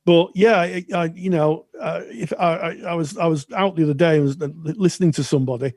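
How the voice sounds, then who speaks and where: A man co-hosting a counselling podcast, speaking thoughtfully with frequent pauses and restarts. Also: on the high side, darkish tone, dry recording, studio quality. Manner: thoughtful, halting with many restarts. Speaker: podcast co-host. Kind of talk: casual chat.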